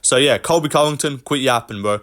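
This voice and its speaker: A man's voice: mid-range voice, brisk, fairly bright tone. A young man hosting a casual commentary rant, blunt, mocking and full of swearing. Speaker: host.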